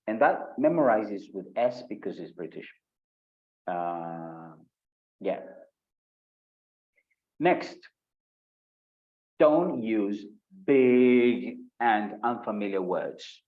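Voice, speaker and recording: A man from Colombia with a Paisa accent, giving a live online IELTS speaking lesson and acting out sample answers in an animated way. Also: drawn-out words, pauses often, narrow, tinny audio. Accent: Colombian Spanish, Paisa. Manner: animated, acts out sample answers with shifting pitch. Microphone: video call.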